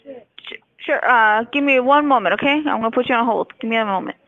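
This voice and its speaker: A woman's voice: a little high, fairly quick. A woman working as a gas station clerk, confused and hesitant on a phone call. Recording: tinny phone line.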